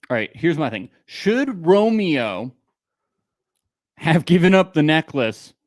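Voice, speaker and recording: A man co-hosting a casual recap podcast, opinionated with quick asides. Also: on the high side, sing-song, no echo. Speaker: podcast co-host.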